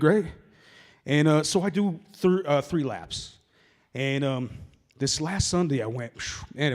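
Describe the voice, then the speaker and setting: At a sober open mic night in a hall, a man in his forties does a loose stand-up set, rambling and swearing freely. His voice is fairly high with a darkish tone, and a long reverb tail follows his words.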